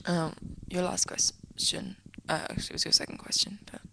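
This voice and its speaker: A teenage girl from England chats to the camera from her desk at home, rambling and giggling, often slipping into soft whispery asides. Her voice sits a little low and has a gravelly, creaky edge. A faint hiss runs under the recording. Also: flat delivery, brisk, hardly any pauses, poor audio. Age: teens. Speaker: vlogger answering a friend's questions. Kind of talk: casual chatty vlog. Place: indoors, at home, sitting on a desk.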